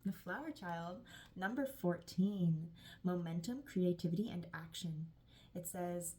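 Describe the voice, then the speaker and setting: Woman tarot reader, warm affirmations, soft-spoken with sighs, lower-pitched. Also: measured pace. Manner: gushing, affirming, sighs often. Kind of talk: channeled tarot reading.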